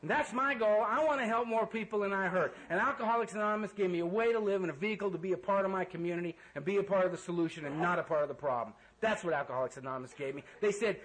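A man rattles off his recovery-meeting testimony rapid-fire with hardly any pauses, his high voice fairly bright. Blunt, joking, earnest, and casually profane, he speaks in a room full of people, captured on a low-quality recording.

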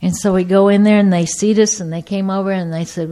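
A middle-aged woman giving a personal testimony to an audience, a lively storyteller who acts out the people in her story. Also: mid-range voice, a little fast. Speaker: speaker sharing her recovery story.

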